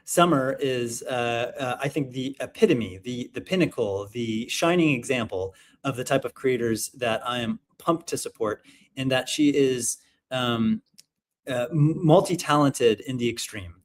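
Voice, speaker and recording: A man's voice: mid-range voice, a little slow. A man in his thirties hosting a casual online showcase over a video call, talking in an upbeat, rambling way with lots of fillers. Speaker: livestream showcase host.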